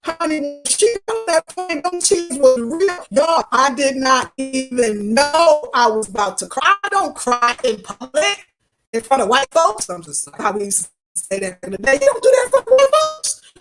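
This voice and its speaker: A woman's voice: high-pitched, animated, moderate pace, loud music behind the voice. A woman in her fifties streaming a casual, fervent talk to her viewers, repeating herself and talking back at them in loose vernacular. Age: 50s. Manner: loose Black American vernacular. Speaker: travel vlogger.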